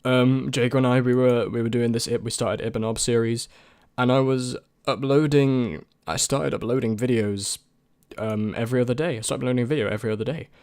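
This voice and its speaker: A man's voice: mid-range voice, fairly even intonation, fairly quick, hardly any pauses, a little mellow, clean tone, no room sound, clean studio sound. A young man and YouTube creator in casual chat, answering viewer questions in a rambling, hesitant way with many restarts.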